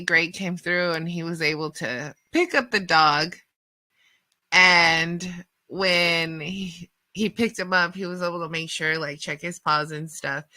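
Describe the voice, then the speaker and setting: Bright-voiced woman telling a wild story. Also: lowish voice, dry recording. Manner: animated, lots of fillers and acted-out quotes. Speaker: radio host. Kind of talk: casual storytelling.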